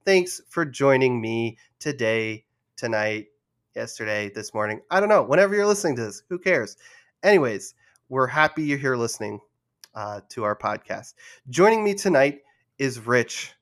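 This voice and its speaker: A man's voice: medium pitch, animated, moderate pace, fairly bright tone. A young man hosting a casual gaming podcast, nervous and laughing often at himself. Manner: nervous, laughing, self-deprecating. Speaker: podcast host.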